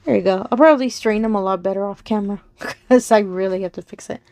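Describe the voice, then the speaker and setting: A woman chatting casually while diamond painting on her craft channel, her voice going soft and slow as she focuses, with frequent giggles. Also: mid-range voice, no echo. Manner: giggles often between remarks. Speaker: crafting vlogger.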